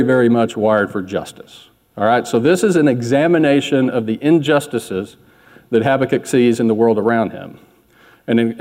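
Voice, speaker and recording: Male pastor, mid-pitch, relaxed conversational sermon, long hall reverb. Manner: candid, self-deprecating, conversational preaching.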